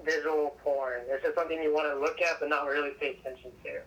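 A man's voice: a little high, steady tone, fast talker, fairly bright tone, low-quality recording. A man co-hosting a casual film podcast, making dry, laid-back remarks. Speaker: podcast co-host.

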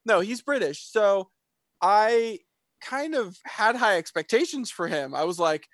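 A man with a high voice talks casually on a podcast, rambling and restarting his sentences. The sound is dry and close, with no room around it. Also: expressive, measured pace, a bit bright, dry recording. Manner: rambling, frequent fillers and restarts. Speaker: podcast co-host. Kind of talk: casual chat reviewing a TV show.

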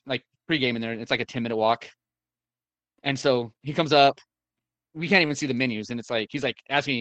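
A man's voice: medium pitch, a bit bright, dry recording. A man telling a long story in casual chat, rambling with many fillers and restarts and the odd swear word.

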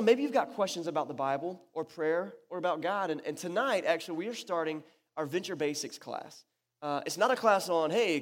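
A man preaching a sermon to his church, talking casually and with animation, often restarting his sentences. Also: on the high side. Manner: conversational and animated, with many restarts. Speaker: pastor. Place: church hall. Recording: echoey church hall.

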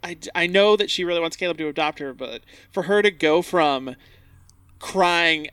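A man's voice: on the high side, moderate pace, fairly bright tone, clear, resonant tone, dry recording. A young man co-hosting a casual rewatch podcast, blunt and exasperated, swearing casually. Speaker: podcast co-host.

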